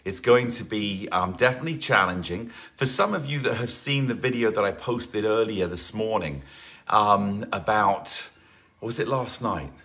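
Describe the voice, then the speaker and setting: A male fitness instructor talks through a live online class in a chatty, encouraging way. He has a fairly low voice with a bright, forceful edge. He drifts into asides and greets viewers one by one. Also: expressive, normal speed.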